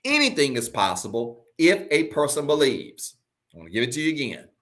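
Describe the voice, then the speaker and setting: Male pastor, mid-pitched voice, online sermon, relaxed vernacular, slow emphatic repetition with soft drops. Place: online church service.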